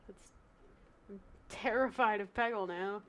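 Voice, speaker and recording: A woman's voice: mid-range voice, unhurried. A woman streamer chatting casually on a live stream, who swears freely, laughs often and stammers when nervous.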